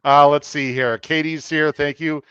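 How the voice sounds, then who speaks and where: Chatty podcast host guy reading the chat, kinda high voice, muffled dry audio. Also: fairly even intonation, unhurried, pushed and bright, clear, resonant tone, no echo. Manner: chatty, upbeat, reads out viewer comments. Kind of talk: live-streamed podcast hosting.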